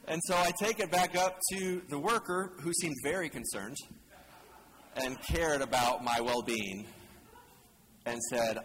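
A male pastor gives a relaxed, joking sermon and keeps putting questions to the congregation. His voice sits a little high for a man. He is recorded in a large hall with a long reverb and a faint hum of ambient noise behind him. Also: measured pace. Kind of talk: conversational sermon.

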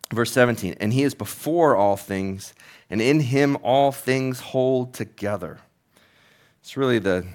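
A man who is a pastor, preaching a sermon in an earnest, conversational, storytelling manner. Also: fairly low pitch.

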